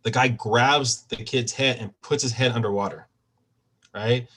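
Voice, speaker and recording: A man's voice: medium pitch, fairly even intonation, a little slow, fairly bright tone, husky, rough recording. A man giving a casual real estate training talk over a video call, often checking in with tag questions.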